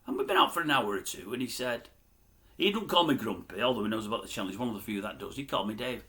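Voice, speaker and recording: A man's voice: lowish voice, expressive, quick pace, sharp tone. An older man, ranting bluntly to camera as a grumbling commentator. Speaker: YouTube commentator. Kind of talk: opinionated rant to camera.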